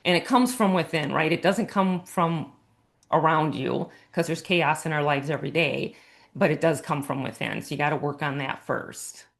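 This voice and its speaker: A woman with a notably low voice talks in a relaxed podcast interview. She is a coach and author, explaining her thinking earnestly and loosely, one loose phrase leading into the next. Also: moderate pace, gravelly.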